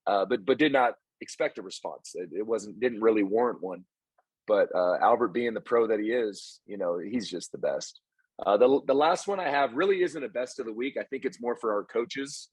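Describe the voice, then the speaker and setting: Husky-voiced animated man telling coaching stories. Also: fairly low pitch, dry recording. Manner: animated storyteller, acts out quoted lines. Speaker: baseball coach and podcast host. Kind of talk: casual podcast chat.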